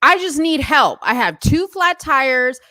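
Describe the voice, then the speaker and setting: A woman imitating an older lady who asks for help slowly and insistently. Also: sits high, lively intonation, sharp tone, no room sound, heavily acted.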